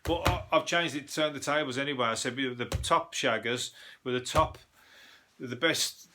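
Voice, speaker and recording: Over a noisy background, a man with a Birmingham (Brummie) accent, originally from Birmingham, England, hosts a comedy show at a moderate pace in a mid-range voice. He rambles and swears through news stories, laughing at his own jokes.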